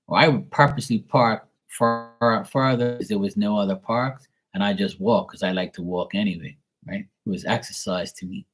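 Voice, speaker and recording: On his tarot reading live stream, a man shares casual, profanity-laced, chatty anecdotes. His voice is fairly low and husky, at a moderate pace with few pauses, and the recording is low quality.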